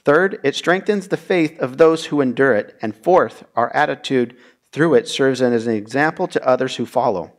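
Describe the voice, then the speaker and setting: A man teaching a verse-by-verse Bible study, reading scripture aloud and explaining it in a measured, plain way. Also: medium pitch.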